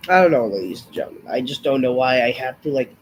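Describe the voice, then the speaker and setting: A man's voice: mid-range voice, lively intonation, fast talker, slight background noise. A man reviewing a wrestling show in a rambling, frustrated rant, swearing often and sighing, unwell and short of breath. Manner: profane, frustrated, rambling with sighs.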